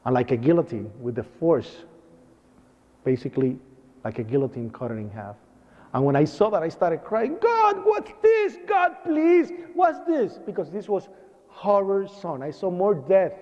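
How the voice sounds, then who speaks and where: Guy with a high voice telling a harrowing story on stage, big echoey hall, muffled old recording. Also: dark tone. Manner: vivid, acts out sounds and cries, emotional. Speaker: eyewitness lecturer. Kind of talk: dramatic first-person storytelling to an audience. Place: lecture hall. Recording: dull lo-fi recording with long hall reverb.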